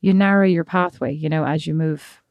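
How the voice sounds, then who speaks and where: A woman's voice: sits low, moderate pace, gravelly, no room sound, highs cut off. An Irish woman in her thirties co-hosting a podcast, reflective one moment and teasing her sister the next. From Ireland. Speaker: podcast co-host. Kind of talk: casual chat.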